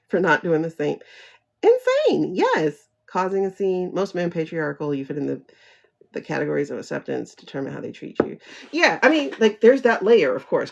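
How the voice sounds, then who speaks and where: A woman with a low, gravelly voice hosts a casual livestream, swinging her pitch up and down as she talks. She speaks frankly and swears freely, laughs often, and answers viewer comments as she reads them out. The audio is dull and lo-fi. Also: darkish tone. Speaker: livestream host.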